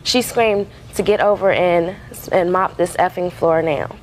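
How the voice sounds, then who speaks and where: A woman's voice: on the low side, measured pace, slight background noise, low-quality recording. A woman defendant telling her side in court, rambling and full of fillers and restarts. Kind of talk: courtroom testimony.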